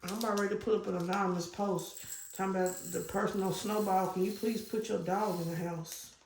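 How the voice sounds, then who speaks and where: A fairly low-voiced woman chats casually and rambles, full of ums and restarts, with an occasional cough. She sounds echoey, as if in a bare room. Faint noise sits behind her. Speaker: vlogger. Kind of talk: casual chat while crafting.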